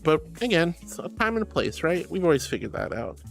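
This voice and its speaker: A woman streaming, chatting casually and reading viewers' messages aloud, swinging between soft low musing and high excited squeals. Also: brisk, vocal fry, soft background music.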